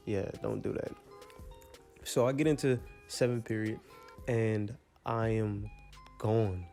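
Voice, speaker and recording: A teenage young man casually telling a rambling storytime, full of slang and animated asides. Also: fairly low pitch, slow, creaky, faint music behind. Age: teens.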